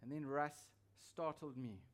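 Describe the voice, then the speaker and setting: A man's voice: a little high, unhurried. A man preaching a sermon as pastor, emphatic and repeating his key phrases for weight.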